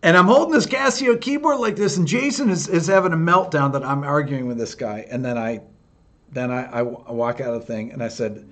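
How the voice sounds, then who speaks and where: A man's voice: on the high side, brisk, fairly bright tone. A male host telling a funny story in casual chat, rambling and restarting his sentences. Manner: rambling anecdote, lots of restarts.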